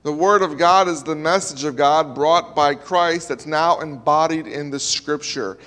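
Pastor guy preaching, high voice, stacks up repeated lines for emphasis, big echoey hall. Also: unhurried, fairly bright tone. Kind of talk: sermon. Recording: reverberant hall.

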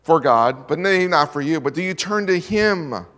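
Male pastor, earnest sermon delivery and scripture reading, slightly high voice, long room reverb. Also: animated, moderate pace, fairly bright tone. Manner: earnest preaching, reads scripture in King James wording.

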